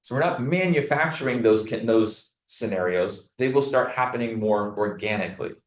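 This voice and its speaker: A man leading his team in a meeting. He coaches them in a lively way and acts out dialogue with clients. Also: mid-range voice, normal speed, roomy sound, poor audio. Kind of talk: meeting talk. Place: meeting room.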